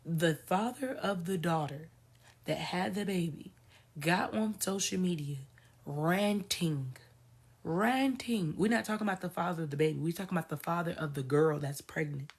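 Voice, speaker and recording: A woman's voice: lowish voice, normal speed, slightly rough. A woman spiritual coach giving casual ranting commentary to her followers, talking emphatically and repeating phrases for stress.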